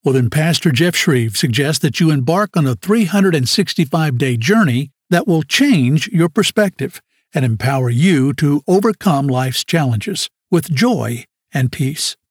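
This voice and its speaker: A male announcer reading a scripted radio ministry promo in a smooth promotional manner. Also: fairly high pitch, expressive, unhurried, dry recording, clean studio sound.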